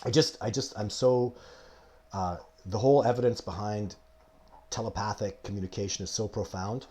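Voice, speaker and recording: A man's voice: fairly low pitch, fairly even intonation, normal speed, mellow. A man in his forties hosting a live show, answering viewer questions in an emphatic, rambling way and coughing now and then. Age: 40s. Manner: rambling, emphatic, goes off on tangents. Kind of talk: live-stream casual talk.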